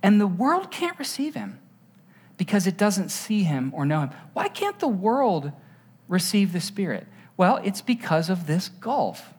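A preacher giving a casual, chatty sermon whose pitch rises and falls in wide swings. The delivery is lively, with rhetorical questions tossed to the congregation and stories acted out with little sound effects. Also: measured pace, slightly rough. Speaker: pastor. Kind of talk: conversational sermon.

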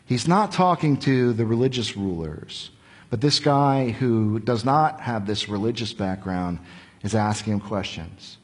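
A male preacher giving an expository sermon in a conversational, animated storytelling manner with rhetorical questions. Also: fairly low pitch, measured pace, breathy edge, big-room sound.

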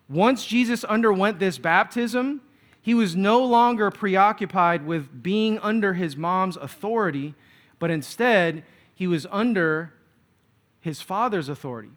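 High-voiced pastor telling stories. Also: male voice, a bit bright. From Filipino background. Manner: storytelling with humor, acts out quoted voices. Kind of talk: sermon.

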